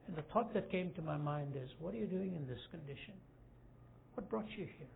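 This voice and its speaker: A man's voice: a little high, quick pace, vocal fry. Evangelist man preaching on a tinny recording. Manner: storytelling, rising to loud emphatic peaks. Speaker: evangelist speaker. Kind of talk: sermon. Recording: tinny phone-like lo-fi recording with faint hiss.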